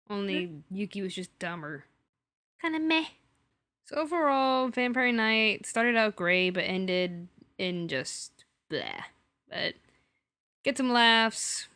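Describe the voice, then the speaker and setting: Young woman cohosting a chill podcast, bright voice, kinda sleepy and jokey. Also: mid-range voice, clear, resonant tone, no room sound. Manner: laid-back, sleepy, joking. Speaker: podcast co-host. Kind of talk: casual chat.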